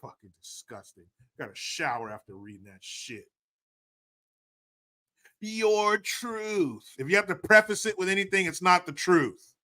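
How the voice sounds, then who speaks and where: A man's voice: high-pitched, pushed and bright. A man hosting a casual commentary show, reading viewer comments in a mocking, profane, sarcastic manner. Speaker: commentary host.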